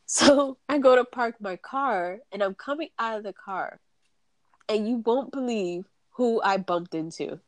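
A woman's voice: a little high, unhurried, no room sound. A woman co-hosting a podcast, telling a story in casual chat, acting out quotes, swearing and laughing often. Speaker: podcast co-host.

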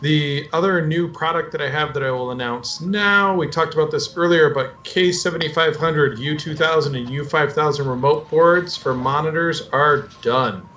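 A man hosting a casual show, explaining new hardware products in a plain, steady way. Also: fairly high pitch, normal speed, hardly any pauses, muffled recording, faint music behind. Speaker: host announcing products. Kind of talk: casual chat.

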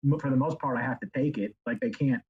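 Husky man rambling on a dull line. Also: medium pitch, quick pace. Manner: rambling, animated, jumps into silly impressions. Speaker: guest author. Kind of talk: casual chat.

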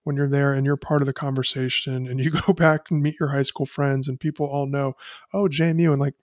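A man's voice: mid-range voice, little pitch movement, a little fast, no echo, clean studio sound. A man in his thirties co-hosting a casual sports podcast, enthusiastic and peppering his talk with "like". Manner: enthusiastic, frequent "like" fillers. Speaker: podcast co-host.

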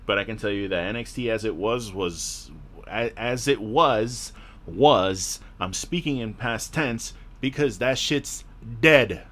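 A man's voice: lowish voice, slow pace, fairly bright tone. A man hosting a podcast, ranting in a frustrated, profane, rambling way with a sore throat. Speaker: podcast host.

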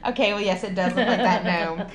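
A woman's voice: mid-range voice, fairly quick, crowd noise. Joking, swearing Texan woman podcaster. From Texas. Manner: joking, swears freely, laughs often. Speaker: podcast co-host. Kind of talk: casual chat.

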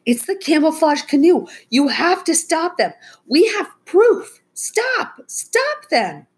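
A woman's voice: sing-song, slow, heavily acted. Woman doing a frantic shrieking young girl. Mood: pleading. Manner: shrill and frantic. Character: excited young girl on a camping trip.

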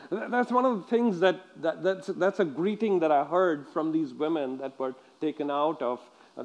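A man with a fairly high voice preaches a lively, repetitive sermon to his congregation in lo-fi audio. He often asks his listeners questions and stumbles over repeated words.

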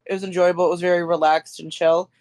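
A woman's voice: on the low side, little pitch movement, fast talker, a little mellow, dry recording. A woman guest on a podcast, giggly and self-deprecating in casual chat.

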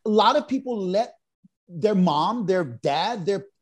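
A man's voice: high voice, animated, slow, slightly rough. A man from Hawaii, a DJ and children's author, talking plainly and earnestly about believing in yourself in a casual podcast chat. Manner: earnest, plain-spoken, motivational.

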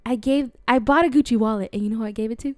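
A woman in her twenties co-hosting a casual chat, telling stories in an animated way and laughing often. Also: on the high side, very fast, no echo, studio quality. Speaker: podcast co-host.

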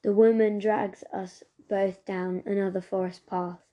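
A woman reads a novel aloud at a steady, unhurried storytelling pace. Her voice is warm and mellow, with little rise and fall. The narration stays even from line to line. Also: mid-range voice, lo-fi sound. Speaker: reader.

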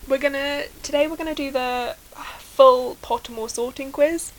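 A woman's voice: sits high, fairly even intonation, normal speed, slight background noise, poor audio. A woman hosting a casual podcast chat with her sister, chatty and laughing often. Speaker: podcast host.

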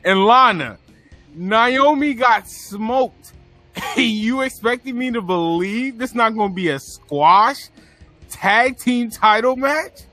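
A man's voice: very high-pitched, lively intonation, slow pace, sharp tone, no room sound, soft background music. A man co-hosting a casual wrestling chat, ranting with exasperated outbursts. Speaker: wrestling podcast co-host.

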